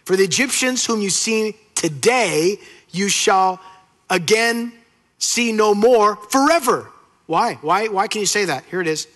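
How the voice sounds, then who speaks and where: A male pastor delivers a sermon in a high, bright voice with a husky edge. He swings between loud, lively retellings and quiet, drawn-out emphasis.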